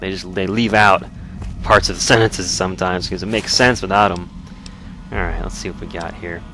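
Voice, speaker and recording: A man's voice: sits low, steady tone, moderate pace, pushed and bright, faint music behind. A man hosting a let's play, giving easygoing, rambling gameplay commentary. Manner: easygoing, rambling, self-correcting.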